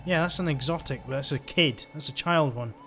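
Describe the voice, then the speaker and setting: A man commentating his own gameplay in an excitable, gushing way, laughing often. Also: mid-range voice, brisk, creaky, a little hiss or hum. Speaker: gaming channel host. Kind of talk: let's play commentary. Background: faint game music.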